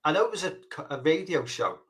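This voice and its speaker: A man's voice: a little high, sing-song, fast, fairly bright tone. A man co-hosting a casual chat, blunt, sweary and opinionated, trailing off with fillers and restarts. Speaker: podcast co-host. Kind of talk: casual chat reacting to a countdown list.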